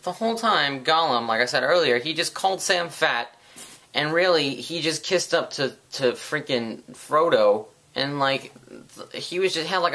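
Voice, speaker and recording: Brief: male vlogger, comedic rant, rambling and crude, bright timbre. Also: fairly high pitch. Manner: sarcastic, profane, rambling.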